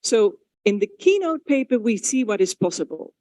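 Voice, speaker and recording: A woman's voice: mid-range voice, sing-song, normal speed, dark tone, dry recording. A woman moderating a conference, explaining the schedule to the audience in a chatty way with self-corrections. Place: conference venue.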